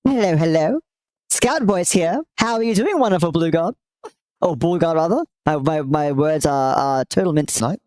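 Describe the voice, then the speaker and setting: A chirpy young fellow with a squeaky helium-shifted sound, as a man puts it on, loud and cheerful. Recorded close and dry. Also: animated, moderate pace, no room sound. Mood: chipper. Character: chirpy high-voiced young male character. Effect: helium pitch-shift.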